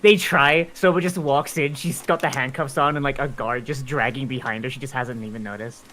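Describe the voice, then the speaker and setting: A woman's voice: extremely low pitch, fairly even intonation, fairly quick, fairly bright tone, soft background music. Giggly rambling woman player. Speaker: tabletop player. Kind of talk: casual game chat with in-character bits.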